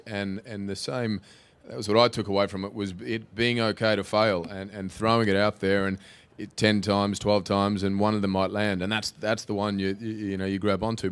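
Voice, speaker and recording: A man with a lowish voice answers panel questions in a loose, rambling way. He restarts his sentences often and fills pauses as he talks. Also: clear, resonant tone. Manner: rambling, many restarts and fillers. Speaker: actor on a panel.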